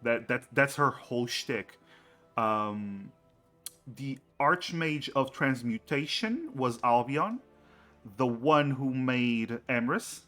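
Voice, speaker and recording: A man acting as game master, explaining campaign lore in a halting way, with many fillers and restarts. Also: mid-range voice, expressive, fairly bright tone, faint music behind.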